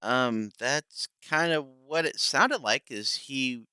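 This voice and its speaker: A man's voice: mid-range voice, slow pace, sharp tone, clear, resonant tone, dry recording. A man streaming live, sarcastically mocking clips and swearing casually as he fiddles with settings.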